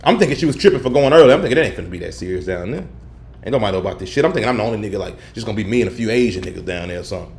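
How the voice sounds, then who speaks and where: A young man hosting a casual podcast livestream, telling an animated story in profane slang and laughing often. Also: on the low side, rapid-fire, vocal fry. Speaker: podcast host. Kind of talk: casual solo livestream chat.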